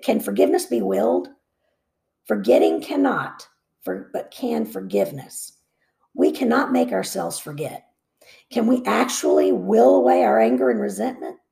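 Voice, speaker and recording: Gravelly woman reading a devotional book. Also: mid-range voice, warm tone. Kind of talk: reading aloud with brief comments.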